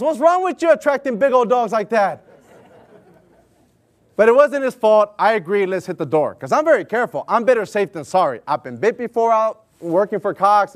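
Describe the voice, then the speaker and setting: A middle-aged man preaching a sermon, telling stories and acting out dialogue in an animated way. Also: high voice. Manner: animated, storytelling, acts out dialogue. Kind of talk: sermon with personal story.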